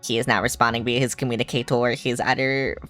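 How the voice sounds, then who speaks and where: A streamer voicing a robot spaceship, reading game lines in a fast, flat monotone. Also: medium pitch, soft background music, close to an everyday voice. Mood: urgent. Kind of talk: reading game dialogue aloud in a voice.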